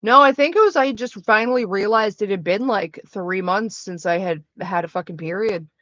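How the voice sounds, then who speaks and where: A woman's voice: mid-range voice, moderate pace, fairly bright tone, dry recording, highs cut off. Blunt, profane young woman. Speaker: streamer. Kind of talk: candid casual chat.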